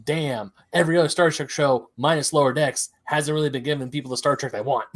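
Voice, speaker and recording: A man's voice: fairly high pitch, fast talker. A man co-hosting a casual podcast chat, rambling and correcting his own slips with a laugh. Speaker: podcast co-host.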